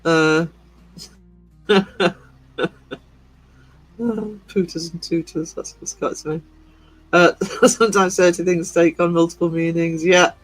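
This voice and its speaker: Here a man hosts a livestream, giggling through chat messages he reads aloud. His voice is highish and flat, unhurried with long pauses; the audio is poor and dry, with faint background music.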